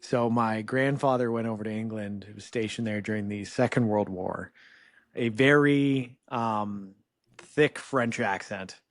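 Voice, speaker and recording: A man in his thirties from Canada, a podcast guest talking in a relaxed, rambling way full of "like" and "you know". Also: lowish voice, measured pace, no echo, studio quality. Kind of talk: casual interview chat.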